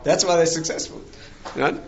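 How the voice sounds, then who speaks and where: Speaking briskly in a slightly high voice with some vocal fry, this man is a rabbi spinning stories in a chatty lecture and chuckling at his own punchlines. The recording sounds lo-fi.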